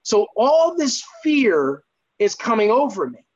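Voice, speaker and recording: High-voiced man telling his testimony. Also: takes it slowly, highs cut off. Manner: earnest, lively, acts out exclamations. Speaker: guest sharing a faith testimony. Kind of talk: animated personal storytelling.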